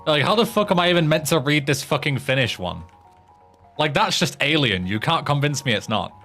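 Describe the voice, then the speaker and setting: A man's voice: a little high, expressive, brisk, bright, forceful tone, soft background music. A young British man with a British accent, chatting casually while streaming a game, swearing often and laughing at himself. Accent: British English. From Britain. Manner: swearing, laughing at his own attempts at tongue twisters. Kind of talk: casual gaming stream chat.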